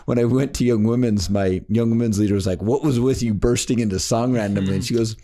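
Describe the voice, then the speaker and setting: A man being interviewed as a life coach, telling a story in a podcast interview and acting out the voices of the people in it. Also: quick pace. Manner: animated, acts out quoted voices with big pitch jumps.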